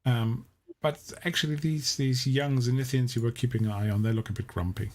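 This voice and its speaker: A man running a tabletop game as game master, explaining scenes in a measured way with frequent restarts. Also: mid-range voice. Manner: measured, explaining, often restarting his sentences.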